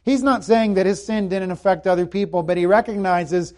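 A man preaching a sermon, earnest and emphatic, repeating key phrases and dropping to a hushed voice when quoting scripture. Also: sits high, steady tone, fairly quick. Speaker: pastor.

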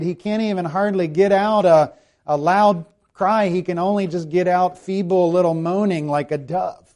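Male pastor, expository sermon, reads scripture slowly; a touch higher than average pitch. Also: darkish tone. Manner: expository preaching, rhetorical questions to the congregation.

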